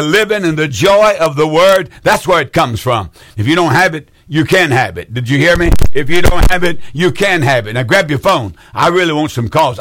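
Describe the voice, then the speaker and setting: An older man in his seventies preaches to callers with fervent energy. His voice sits slightly high, and he repeats lines to drive them home. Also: fairly bright tone. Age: 70s. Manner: fervent, repeats phrases for emphasis, calls out hallelujahs. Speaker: preacher hosting a call-in program. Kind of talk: call-in preaching.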